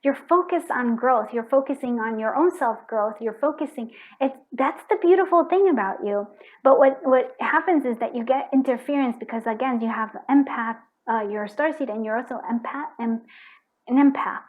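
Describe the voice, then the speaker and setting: A woman's voice: on the high side, normal speed, phone-quality sound. A woman giving a pick-a-card tarot reading, effusive and emotional, with frequent restarts. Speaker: tarot reader.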